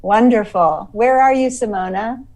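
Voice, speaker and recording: A woman's voice: on the high side, a little slow, darkish tone. A woman hosting an online art award presentation over a video call, friendly and a little apologetic as she corrects herself. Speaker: exhibition host. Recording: distant mic on a video call.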